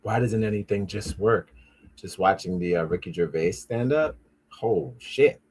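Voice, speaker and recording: Fairly low and darkish in tone, slightly rough, this man takes his time as he hosts a laid-back pop-culture commentary podcast. His talk is profane and meandering, full of restarts and side remarks, and he quickly gets annoyed and argues with his devices.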